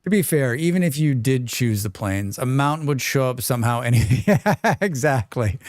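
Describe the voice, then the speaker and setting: Male game streamer, relaxed and rambling, clear dry close voice, reads chat. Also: mid-range voice, normal speed, dry recording. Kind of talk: casual live-stream chat while playing.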